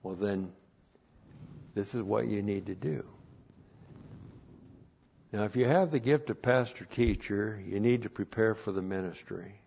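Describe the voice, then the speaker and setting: A man preaching in a slow, unhurried delivery, repeating his phrases and swelling in volume when he stresses a point. His voice sits in a middle register, and the recording sounds dull and lo-fi. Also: fairly low pitch, gravelly, darkish tone, breathy edge. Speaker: pastor. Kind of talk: sermon with Bible teaching.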